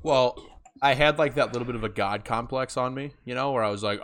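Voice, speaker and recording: A man's voice: medium pitch, brisk, a bit bright. A young man co-hosting a casual podcast, joking around with loose, crude banter into a cheap home USB mic. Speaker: podcast co-host. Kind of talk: casual chat.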